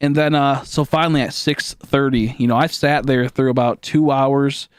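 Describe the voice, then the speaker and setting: A young man streaming live, telling a long story in a rambling, animated way with lots of fillers and swearing, acting out his own shouts. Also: medium pitch, normal speed, smooth, no echo, studio quality. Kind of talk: casual storytelling to a live chat.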